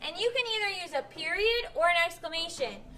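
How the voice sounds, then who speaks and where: A woman teaches a class of young children, patiently posing questions and acting out sample sentences. She speaks a little fast in an extremely high, bright, expressive voice with a forceful edge.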